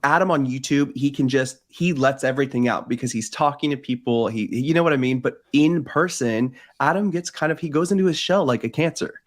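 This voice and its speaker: A man's voice: medium pitch, a little fast, few pauses. A man co-hosting a casual podcast chat, teasing the others and praising things with enthusiasm. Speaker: podcast co-host.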